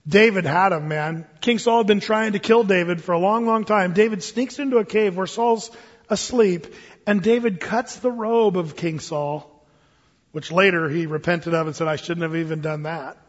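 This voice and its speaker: A man preaches in a casual, storytelling way, stumbling over restarts and asides as he goes. His voice is high for a man and a bit husky. It carries through a long reverb in a church hall, and the recording is dull and lo-fi. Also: normal speed. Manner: conversational, frequent restarts and asides. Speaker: pastor. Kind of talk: sermon storytelling.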